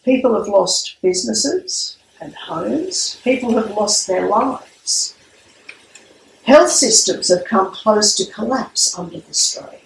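A woman priest giving a sermon with a measured, storytelling delivery. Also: mid-range voice, expressive, vocal fry, slight background noise. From Australia. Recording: echoey room, mic at a distance.

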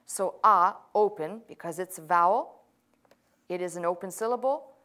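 A woman pastor teaching a language lesson in a patient, explanatory lecture style, pausing with frequent fillers while she writes on a board. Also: lowish voice, a bit bright. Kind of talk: classroom lecture.

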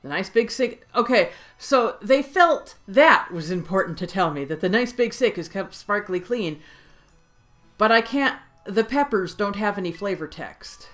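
A woman giving casual let's play commentary while playing a video game, chatty and quick to exclaim. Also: medium pitch, expressive, a bit bright, soft background music.

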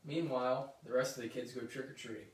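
A man reading a children's picture book aloud, with lively, chatty asides between passages. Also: medium pitch, fast. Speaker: story reader. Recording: roomy echo, mic at a distance.

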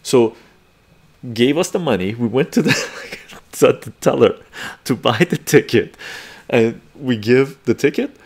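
A man's voice: medium pitch, lively intonation, a little slow, husky. A man in his forties, a live stream host, telling a story casually, laughing often and swearing freely.

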